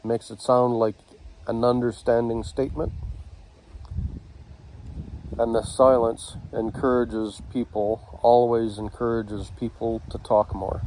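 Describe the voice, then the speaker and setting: A man teaching communication techniques, speaking in short halting phrases with pauses between them. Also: mid-range voice, darkish tone, a little hiss or hum, poor audio. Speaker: communication instructor. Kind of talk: slow instructional talk.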